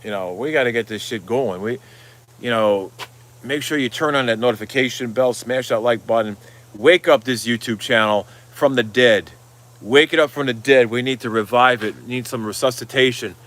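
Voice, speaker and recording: A man's voice: mid-range voice, moderate pace, a bit bright. A middle-aged man hosting a casual live stream, rambling, swearing freely and reading out viewer comments. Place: Florida, outdoors.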